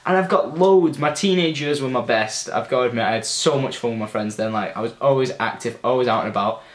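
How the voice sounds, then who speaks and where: A man's voice: medium pitch, fast talker. A young man, telling childhood stories in a chatty, loose way, swearing now and then. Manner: chatty, loose, swears freely, many fillers. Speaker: gaming vlogger. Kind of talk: casual storytelling. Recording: echoey room.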